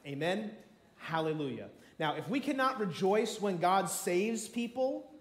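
A man preaching a sermon to a congregation, animated and acting out the story with quoted voices. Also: sits high, unhurried. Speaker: pastor. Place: room with a congregation. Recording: echoey room.

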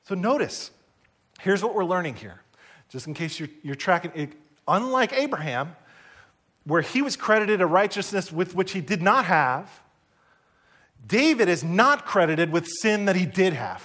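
Male pastor, high voice, emphatic church sermon delivery. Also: sing-song, moderate pace, fairly bright tone. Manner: emphatic, rising to high bursts on key points. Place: church service.

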